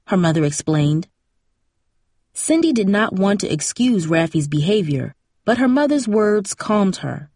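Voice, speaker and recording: A woman narrating a novel in a steady, even storytelling manner. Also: medium pitch, measured pace, no room sound, clean studio sound. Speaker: audiobook narrator. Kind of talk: scripted narration.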